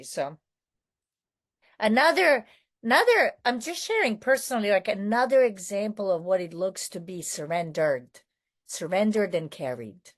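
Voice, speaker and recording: A woman's voice: mid-range voice, lively intonation, normal speed. A woman with a non-American accent, raised in New York City, giving a candid personal share at a recovery meeting, rambling and correcting herself with many fillers.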